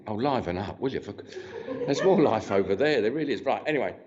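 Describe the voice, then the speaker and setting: Here a man with a fairly low, animated voice talks quickly over crowd noise. He's a spiritualist medium doing a live demonstration in a church hall, chatty, cheeky and joking with the congregation, with frequent restarts, all captured in dull lo-fi sound.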